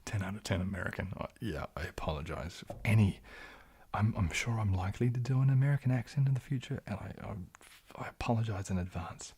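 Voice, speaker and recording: A man with a New Zealand accent hosting an ASMR livestream, moving between whispers and soft speech, hesitant with many fillers. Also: lowish voice, fairly quick, breathy edge. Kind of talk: whispered, soft-spoken chat.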